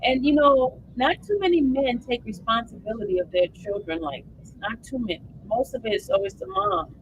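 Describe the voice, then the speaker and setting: A woman's voice: on the high side, normal speed, lo-fi sound, noisy background. A woman hosting a livestream, giving emotional live commentary and reading updates aloud to viewers. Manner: animated, emotional, addresses viewers as y'all. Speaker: livestream host.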